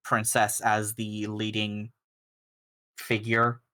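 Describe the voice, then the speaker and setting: A man running a tabletop game, describing the scene in an unhurried way and thinking aloud as he goes. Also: lowish voice, completely flat delivery, bright, forceful tone. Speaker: game master.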